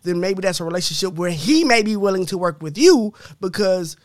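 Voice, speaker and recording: A man's voice: high-pitched, expressive, a little fast, no echo, studio quality. A man hosting a podcast, reading listener comments aloud in a blunt, profane, laughing casual chat. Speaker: podcast host.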